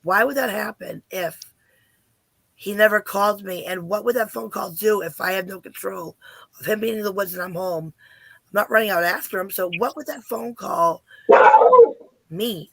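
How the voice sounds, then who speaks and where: A hoarse middle-aged woman, calling in and earnestly telling a personal story, asking questions as she goes. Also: mid-range voice, moderate pace, fairly bright tone, no room sound. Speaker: caller. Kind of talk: casual storytelling.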